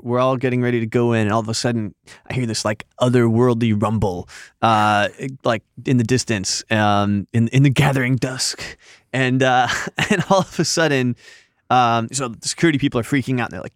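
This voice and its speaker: Smooth-voiced man telling a rambling story. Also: mid-range voice, fairly even intonation, normal speed, no room sound, studio quality. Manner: rambling, lots of fillers and restarts. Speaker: magazine editor telling a story as a guest. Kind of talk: casual storytelling chat.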